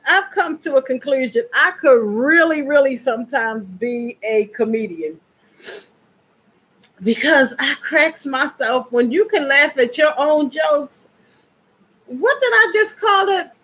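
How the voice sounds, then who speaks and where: A woman's voice: sits high, fairly bright tone, rough recording. A woman chatting casually and directly to her viewers in a vlog. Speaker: vlogger.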